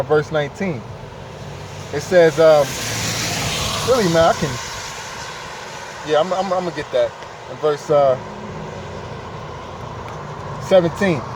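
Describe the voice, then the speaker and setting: A man preaching informally outdoors, emphatic and repetitive, often saying "man" and "okay". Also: fairly high pitch. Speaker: street preacher. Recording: distant mic, loud traffic noise outdoors.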